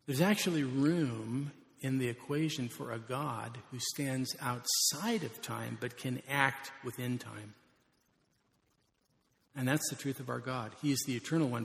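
A man preaching a sermon as pastor, emphatic and surging louder on key words. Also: mid-range voice, vocal fry. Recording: long reverb of a large hall.

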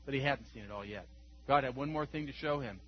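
A man preaching an Easter sermon as pastor, moving from hushed scripture reading to loud exclamations. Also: mid-range voice, quick pace. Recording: dull lo-fi recording with faint hum.

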